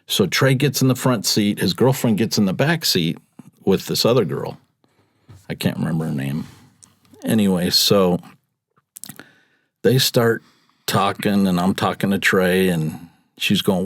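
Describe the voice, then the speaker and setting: A man's voice: low voice, moderate pace, dry recording, clean studio sound. A middle-aged man telling a rideshare story in casual chat, acting out passengers' lines as he goes. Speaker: podcast guest, rideshare driver.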